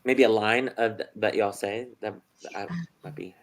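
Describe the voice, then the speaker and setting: Man hosting a relaxed theatre chat. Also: fairly low pitch, moderate pace. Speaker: host. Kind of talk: casual chat.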